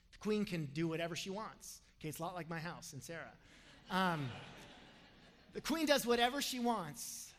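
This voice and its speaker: A man preaches a sermon in a lively, animated way, slipping in humorous asides between points. His voice sits high for a man and carries a long reverb, as from a large hall. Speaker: pastor.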